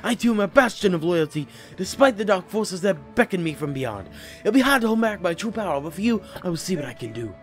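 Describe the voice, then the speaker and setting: A man's voice: high-pitched, very animated, brisk, faint music behind. A man voicing a melodramatic young mage who speaks in grandiose proclamations. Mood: dramatic. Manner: bombastic, melodramatic.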